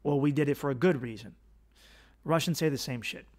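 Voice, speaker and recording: A man's voice: medium pitch, a little fast. Profane ranting man hosting a podcast. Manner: animated, profane, ranting with sarcastic asides. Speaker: podcast host, comedian. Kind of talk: casual opinionated monologue.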